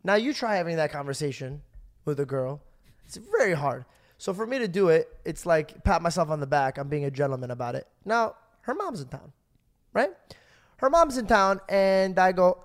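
A man's voice: fairly high pitch, normal speed. A young man in his twenties, a podcast co-host, telling stories in casual chat and acting out the quoted voices. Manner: animated, acts out quoted voices.

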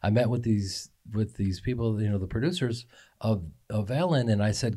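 A man's voice: on the low side, moderate pace, mellow. A man co-hosting a podcast, telling showbiz stories and acting out what people said. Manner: storytelling, acts out quotes. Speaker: podcast co-host. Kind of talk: casual chat.

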